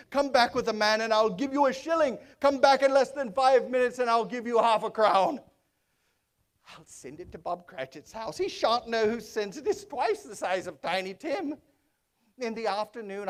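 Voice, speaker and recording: A man playing a giddy old reformed miser. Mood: eager. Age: older. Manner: exuberant, chuckling, switches between high excitement and low hushed narration. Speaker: stage performer in a one-man show. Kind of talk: theatrical storytelling monologue.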